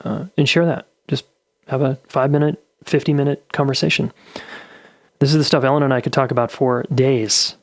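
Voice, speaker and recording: A man's voice: mid-range voice, steady tone, fairly quick, dry recording. A man hosting a podcast, easygoing and affirming, with many "uh" fillers. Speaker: podcast host. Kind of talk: podcast interview and outro.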